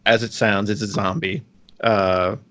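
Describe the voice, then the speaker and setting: A man co-hosting a podcast, talking casually and haltingly, with frequent ums and restarts. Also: on the low side, flat delivery, fairly bright tone. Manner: hesitant, lots of ums and restarts. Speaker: podcast co-host. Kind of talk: casual chat.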